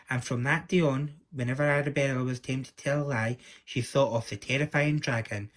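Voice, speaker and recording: A man reading a children's story aloud in a lively, expressive manner, with small stumbles. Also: medium pitch, brisk, few pauses.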